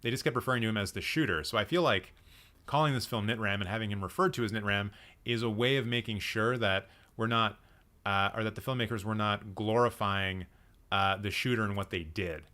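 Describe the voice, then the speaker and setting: On a live stream about films, a man with a slightly low voice and a bright, forward tone chats casually and fairly quickly. He thinks out loud, reacting to his chat's comments and circling back often with ums and restarts.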